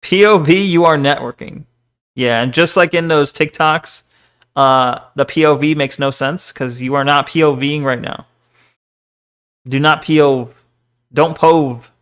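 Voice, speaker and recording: Joking young male streamer, smooth voice. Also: a little high, moderate pace, fairly bright tone. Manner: self-deprecating, jokey, swears and laughs often. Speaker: VTuber streamer. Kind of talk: casual chat reading stream chat.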